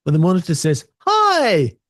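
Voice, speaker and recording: A man's voice: fairly high pitch, normal speed, creaky, warm tone, no echo, studio quality. A man co-hosting a video tech show, chatty and self-deprecating as he explains.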